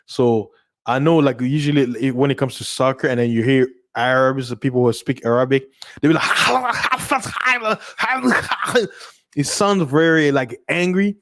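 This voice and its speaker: Medium-pitched guy from africa doing a loose livestream chat, laughing a lot, repeating words. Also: fairly quick, no room sound, studio quality. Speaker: channel host. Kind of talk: casual livestream chat reading comments.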